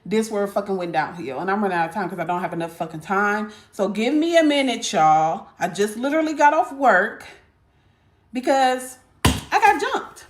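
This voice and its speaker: A woman's voice: medium pitch, lively intonation, moderate pace, slight background noise. A woman telling a casual storytime to her viewers, blunt and profane, talking straight to them as y'all. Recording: echoey room.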